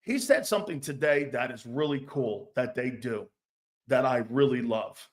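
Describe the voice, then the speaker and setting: A man's voice: mid-range voice, normal speed. A man hosting a casual sports talk show, joking, rambling and laughing often between his points.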